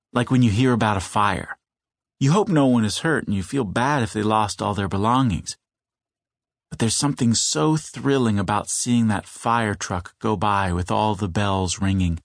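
A man reading a children's novel aloud in measured storytelling, slowing down for suspense. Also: fairly low pitch, no echo, clean studio sound. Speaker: audiobook narrator. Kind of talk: scripted children's audiobook narration.

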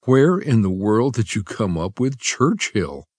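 A man voicing a calm husband who speaks quietly, firmly and reassuringly. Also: on the low side, normal speed, breathy edge, dry recording, studio quality. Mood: amused. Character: calm, firm baritone husband.

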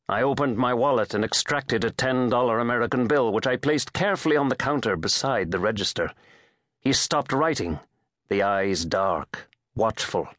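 A man narrating a thriller audiobook in the first person, measured and even-paced. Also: mid-range voice, no echo, studio quality. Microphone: studio microphone.

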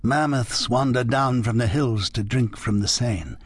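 A male narrator voicing a mysterious, wistful French woman, speaking slowly and in hushed tones. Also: mid-range voice, slightly rough, dry recording. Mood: musing. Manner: slow, hushed, musing speech. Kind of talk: audiobook character reading.

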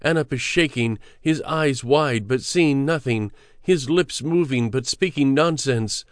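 Male audiobook narrator, measured and steady, mid pitch, dry studio sound. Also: no echo. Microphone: close studio mic.

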